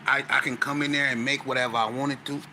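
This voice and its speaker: Guy telling a wild story, slangy and stuttery, pretty bright tone, faint hum behind. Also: medium pitch, quick pace, rough recording. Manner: animated, slang-heavy, stuttering restarts. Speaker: guest. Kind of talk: storytelling interview.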